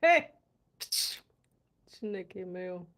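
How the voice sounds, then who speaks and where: A woman's voice: mid-range voice, expressive, extremely slow, muffled recording. A young American woman chatting casually on a live stream, laughing hard and often, wheezing as she reads viewers' comments. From USA. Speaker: vlogger reading live chat.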